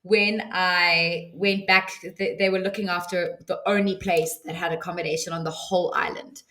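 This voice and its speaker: A woman with a slightly low voice tells a personal story with vivid, earnest detail. She restarts phrases often as she works through her thoughts. She speaks as a podcast guest offering advice. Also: little pitch movement, normal speed, bright, forceful tone. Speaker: podcast guest, ceremony leader.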